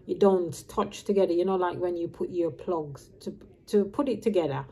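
Her voice sits on the low side, dark with a breathy edge, at a moderate pace. She's a fifty-something vlogger from Birmingham, England, rambling casually to camera and dropping her H's.

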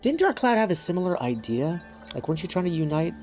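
A man's voice: high-pitched, big pitch swings, quick pace, darkish tone, faint music behind. A male gaming channel host chatting casually and reading game text aloud.

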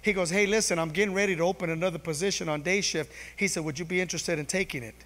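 A man's voice: high voice, fairly even intonation, racing, a bit bright. A middle-aged man preaching, telling a personal story to a congregation with many restarts and "you know", acting out what people said. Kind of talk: testimony sermon to a congregation. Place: church hall. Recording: long church hall reverb.

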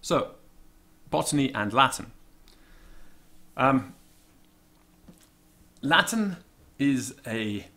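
A man giving an informal spoken lesson, thinking aloud with many ums and slowing down to stress each example. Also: medium pitch, lively intonation, bright, forceful tone. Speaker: Latin teacher.

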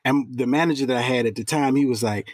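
An actor appearing as a guest in a casual interview tells stories in slangy, animated fashion, acting out the people he quotes. His voice is medium-pitched and quick, with no echo.

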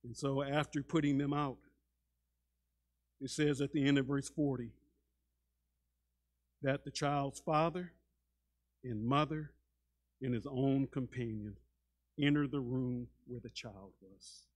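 A man preaching a sermon as a pastor, dramatic, shifting between loud and hushed delivery and often repeating words as he starts a sentence. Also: mid-range voice, steady tone, slow pace, pauses often. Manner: dramatic, acts out quoted voices, swings between loud and hushed.

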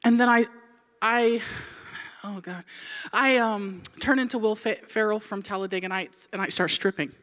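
In a big-room recording, a woman in her forties preaches a sermon at a moderate pace and a medium pitch. The pastor is animated and comedic, telling a funny story and acting out its scenes.

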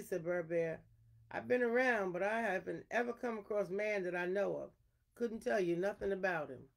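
Lady reading an old animal tale out loud, kinda gravelly, slow and steady. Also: on the low side. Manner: unhurried folk-tale reading with repeated refrains. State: irritated throat, coughing. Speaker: storyteller reading aloud. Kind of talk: read-aloud storytelling.

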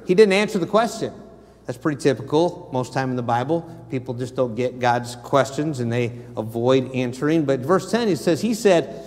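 An American man delivers a sermon from the pulpit, his voice sitting a little high for a man. He tells stories with energy and acts out the quotes himself. A long church reverb trails behind every phrase. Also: normal speed. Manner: animated storytelling, acts out quotes. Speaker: missionary preacher. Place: church sanctuary.

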